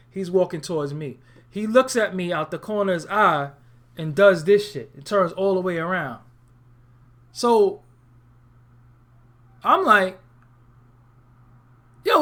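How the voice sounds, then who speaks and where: A man's voice: sits high, a bit bright. A man from Brooklyn, hosting an unscripted webcast monologue, talking in a profane, streetwise and emphatic way. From Brooklyn, New York. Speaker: webcast host.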